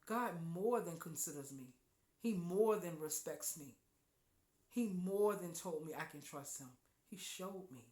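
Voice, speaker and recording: A woman hosting a podcast, giving an emphatic, preachy spiritual talk with loud exclamations. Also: on the low side, animated, measured pace, roomy sound. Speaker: podcast host.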